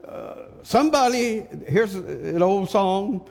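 Older male preacher, slightly high voice, slow and deliberate, heavy reverb. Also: big pitch swings, vocal fry, a little mellow, husky. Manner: slow, emphatic preaching with rhetorical questions. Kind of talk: sermon. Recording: long hall reverb.

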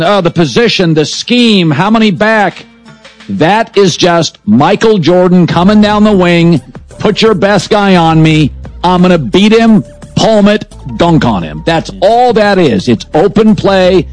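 A man hosting a sports talk show, delivering emphatic opinions in punchy lists. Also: high-pitched.

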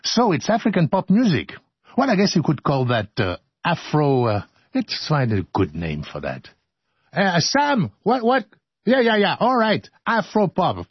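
A man's voice: fairly high pitch, huge pitch swings, unhurried, husky, dry recording, dull audio. A man hosting a radio show, joking his way through outtakes of his scripted narration. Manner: playful, joking, breaks into laughter and singing. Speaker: radio host.

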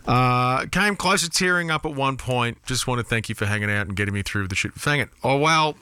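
A man hosts a radio show in a casual, sweary way, earnestly comforting a listener. His voice is bright and forceful, at a middle pitch. The sound is dry and close, with no room echo. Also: a little fast, smooth. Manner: earnest, profane and consoling. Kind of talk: casual on-air chat taking listener requests.

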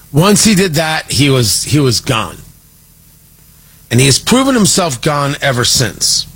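Sarcastic man with a lively high voice. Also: slightly rough. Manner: sarcastic, exasperated. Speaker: political commentator. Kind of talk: opinion monologue.

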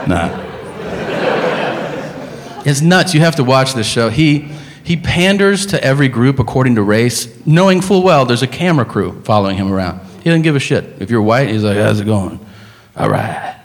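A man's voice: mid-range voice, animated, brisk, long reverb tail. A male stand-up comedian ranting in an incredulous, profane way.

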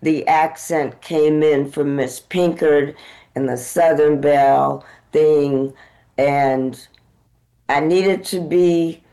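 An American woman actor, a guest in an interview, telling lively stories and acting out the dialogue in them. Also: low-pitched, takes it slowly, poor audio. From United States. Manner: animated, acts out dialogue in her stories. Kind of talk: conversational interview storytelling.

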